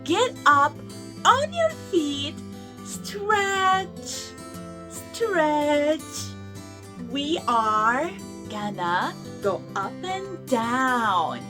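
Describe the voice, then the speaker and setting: A young woman hosting a toddler lesson, talking slowly in an exaggerated, sing-song, encouraging way. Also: high-pitched, sing-song, over music. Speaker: children's show host. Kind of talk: teaching toddlers through play.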